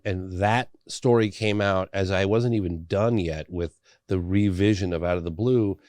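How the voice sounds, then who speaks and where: This middle-aged man, a documentary filmmaker, is animated and loose with fillers as he recounts a story in a podcast interview. His voice is low and smooth. The recording is dry.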